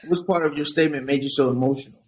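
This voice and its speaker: A man's voice: a little high, steady tone, racing, darkish tone, a little hiss or hum, poor audio. A young man, a physician guest on an interview, speaking earnestly and reflectively, often repeating words as he starts a thought. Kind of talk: earnest conversational advice.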